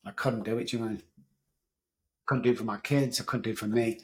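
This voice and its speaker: A man's voice: medium pitch, fairly even intonation, a little fast, low-quality recording. A middle-aged man with an English accent, a podcast guest telling his story in a candid, raw way, swearing freely. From England. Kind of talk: storytelling interview.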